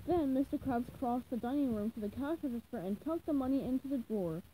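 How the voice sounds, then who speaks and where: A woman reads a children's storybook aloud, lively and expressive. Her voice is fairly high and mellow. Her pitch rises and falls a lot, with a faint hiss behind her. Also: a little fast, few pauses, poor audio. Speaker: reader. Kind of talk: storybook reading.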